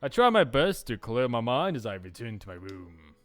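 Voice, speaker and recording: A man's voice: medium pitch, sing-song, moderate pace, faint music behind. A man hosting a let's play, reading a visual novel aloud with playful, jokey asides.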